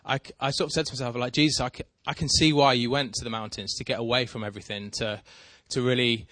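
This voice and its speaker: A man's voice: medium pitch, fast, no room sound. A man telling a rambling, self-deprecating story in casual chat with a co-host. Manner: rambling, self-deprecating, animated when excited.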